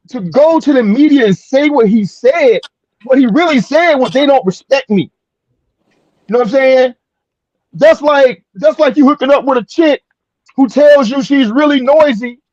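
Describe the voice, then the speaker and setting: A man's voice: very high-pitched, darkish tone, dry recording. A man on a sports panel, blunt and joking crudely, laughing often. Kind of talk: casual sports talk. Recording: dry, dull lo-fi audio.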